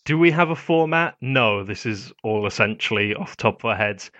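A man's voice: fairly low pitch, expressive, normal speed, fairly bright tone, no echo. A man co-hosting a podcast in casual chat, enthusiastic with wry humor. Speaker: podcast co-host. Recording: dull lo-fi podcast audio.

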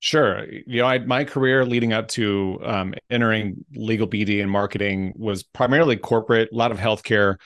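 Southern guy telling stories on a podcast, lowish voice, dry close sound. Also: fairly even intonation, normal speed, hardly any pauses, a bit bright, no echo. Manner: joking, storytelling, friendly. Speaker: podcast guest, motivational speaker. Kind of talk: casual interview conversation.

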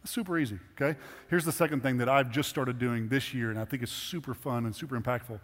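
Earnest middle-aged pastor in a reverberant hall. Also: male voice, mid-range voice, quick pace. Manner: conversational and earnest, rising to emphatic exhortation. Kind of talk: sermon. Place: church sanctuary. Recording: hall reverb with faint music.

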